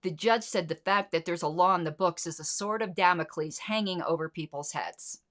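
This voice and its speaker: A middle-aged woman delivers opinionated solo commentary in a fairly low voice. She sounds indignant and sarcastic, with frequent swearing and pointed rhetorical questions. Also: moderate pace, fairly bright tone. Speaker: podcast host.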